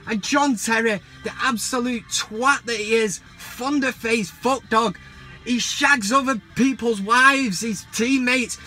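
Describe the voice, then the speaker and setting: A man's voice: extremely high pitch, slow pace, sharp tone, faint music behind. A man hosting a football vlog, ranting heatedly and mockingly with plenty of swearing.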